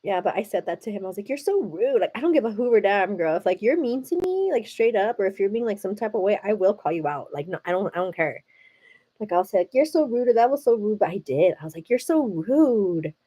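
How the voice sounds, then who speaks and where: A woman's voice: mid-range voice, animated, fast talker, mellow. A young American woman hosting a livestream, chatting casually with viewers and saying "like" and "girl" constantly. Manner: chatty, says "like" and "girl" a lot. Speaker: livestream host. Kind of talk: casual chat with live viewers.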